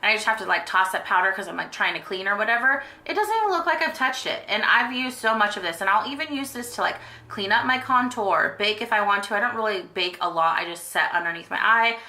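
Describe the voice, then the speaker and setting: A woman's voice: mid-range voice, lively intonation, quick pace, few pauses, pushed and bright, reverberant. A young woman in a casual beauty vlog, chatting about her favorite products with lots of fillers and gushing. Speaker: beauty vlogger. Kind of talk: casual monthly favorites chat.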